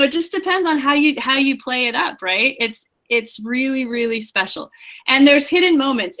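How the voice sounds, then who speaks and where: A woman author in casual conversation, her voice bright and a touch high. She talks with bubbly enthusiasm and laughs easily. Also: rough recording. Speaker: guest author. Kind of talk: casual chat.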